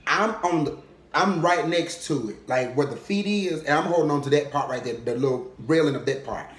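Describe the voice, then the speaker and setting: A young man telling a funny personal story in casual vlog style, animated and comic, often checking in with "okay?". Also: on the high side, brisk. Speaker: vlogger. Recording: roomy echo.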